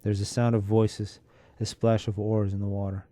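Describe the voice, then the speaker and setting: A man narrating a classic short story in a measured, steady reading. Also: fairly low pitch, no echo. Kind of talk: unhurried literary reading.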